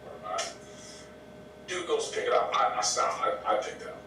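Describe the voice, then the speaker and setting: A man telling a story in a casual podcast interview, animated, blunt and profane, acting out what others said. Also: a little fast, distant mic. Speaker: guest. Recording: echoey room, off mic, faint rumble.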